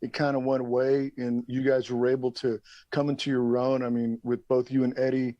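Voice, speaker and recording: A man's voice: medium pitch, flat delivery, moderate pace, dark tone, no room sound, dull audio. Man asking rambling interview questions. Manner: rambling questions with fillers and swearing. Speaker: podcast host. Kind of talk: casual interview.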